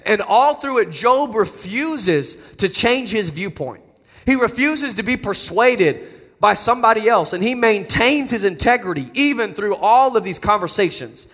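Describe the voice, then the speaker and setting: A pastor with a high, fairly bright voice preaches a sermon in an earnest, conversational way, often repeating words as he goes. His intonation is lively and his pace unhurried, with a long reverb tail trailing each phrase.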